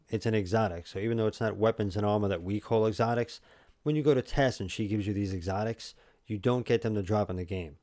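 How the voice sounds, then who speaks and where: A man in his thirties with a New York accent, chatting loosely to his stream viewers. His voice sits low and mellow, and it sounds close and dry with no room around it. He rambles and restarts his sentences often. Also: dry recording. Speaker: livestream host. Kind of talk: casual livestream chat.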